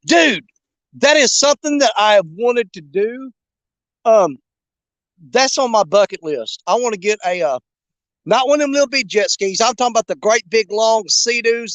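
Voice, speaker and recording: A man's voice: high-pitched, fairly bright tone, no room sound. A man hosting a fishing livestream from a riverbank outdoors, chatting casually in a folksy, joking, rambling way. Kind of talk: casual live chat while bank fishing.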